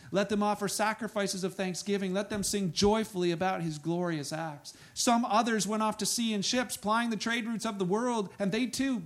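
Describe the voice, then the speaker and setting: A man preaching a sermon, reading scripture aloud and breaking into soft asides and loud exclamations. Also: high voice. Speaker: pastor.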